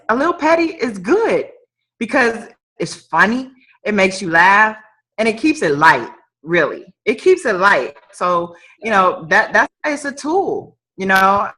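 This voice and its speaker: On an online live stream, a female entrepreneur appearing as a guest in a motivational talk speaks with a medium-pitched, sing-song voice that is unhurried, pushed and bright. Her delivery is emphatic and preacher-like, with phrases repeated for emphasis.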